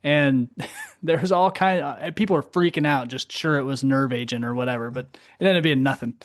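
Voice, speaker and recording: A man in his forties, a veteran co-host, recounting events in a brisk, profane manner. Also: medium pitch, no echo, clean studio sound. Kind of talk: casual chat.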